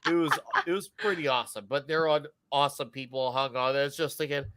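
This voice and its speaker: A man talks as a guest on a casual podcast. He has a bright, forceful voice recorded dry and close, and his tales swing into loud, acted-out quotes. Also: mid-range voice, fairly even intonation, quick pace, dry recording. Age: adult, a father. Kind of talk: casual chat.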